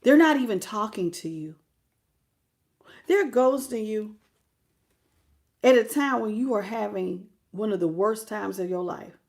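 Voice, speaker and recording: A woman giving a live tarot reading in a blunt, slangy, animated way, greeting chat viewers as she goes. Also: medium pitch, measured pace, vocal fry, long pauses. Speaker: tarot reader.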